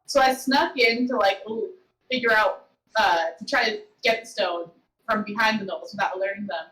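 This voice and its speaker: A woman's voice: medium pitch, normal speed, a bit bright, low-quality recording. A woman playing in a tabletop game, retelling an earlier adventure in a playful way. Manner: storytelling, playful. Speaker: player. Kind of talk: casual chat in a tabletop game.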